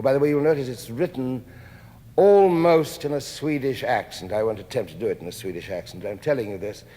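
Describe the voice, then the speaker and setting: A man giving a spoken-word reading to an audience, chatty in his asides and slow and hushed when he reads, with long pauses. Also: on the low side. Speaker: stage reader. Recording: long reverb of a large hall.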